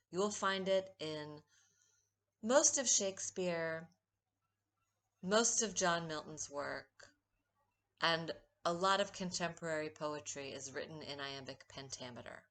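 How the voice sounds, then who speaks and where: A woman poet giving a recorded poetry lesson, speaking in a measured way and stressing the rhythm when she reads verse. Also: lowish voice, fairly bright tone. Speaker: poet teaching a workshop.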